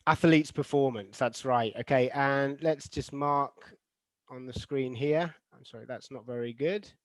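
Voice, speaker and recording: Here a man of medium pitch takes an unhurried pace, recorded dry. Leading a web class for teachers, he reads answers from the chat, asks the participants questions, and says example sentences aloud to illustrate word stress, frequently restarting, using many fillers, and modeling the patterns himself.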